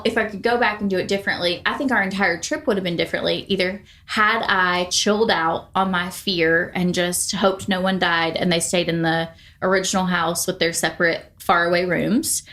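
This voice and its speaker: A woman in her thirties co-hosting a relaxed chat podcast. She talks in long, rambling runs, full of fillers and restarts. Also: fairly low pitch. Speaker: podcast co-host. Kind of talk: casual chat.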